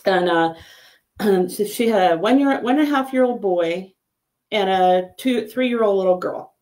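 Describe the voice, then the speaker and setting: Chatty woman telling a story. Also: measured pace. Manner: chatty storyteller, animated with pitch jumps on quoted lines. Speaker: psychic medium and healer. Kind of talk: casual chat.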